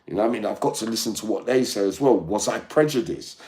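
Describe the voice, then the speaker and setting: A man's voice: on the low side, animated, fast, darkish tone, roomy sound. An older man hosting his own channel, delivering a profane, combative monologue to viewers and often demanding "yeah?". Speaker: online channel host.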